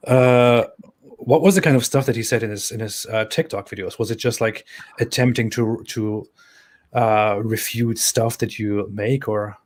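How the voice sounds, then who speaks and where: A man hosting a casual live-stream discussion, speaking haltingly with many fillers and restarts. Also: lowish voice.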